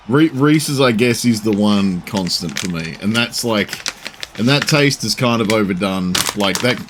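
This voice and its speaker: A man's voice: fairly low pitch, expressive, measured pace, fairly bright tone, slight background noise. Man rambling casually on a stream. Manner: rambling, swears casually, many fillers. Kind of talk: casual live-stream chat.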